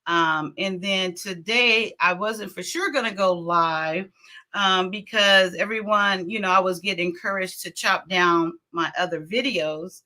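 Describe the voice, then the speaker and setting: A woman's voice: lowish voice, measured pace, pushed and bright. A middle-aged woman hosting a casual livestream, chatting and greeting viewers by name with frequent laughs. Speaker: livestream host.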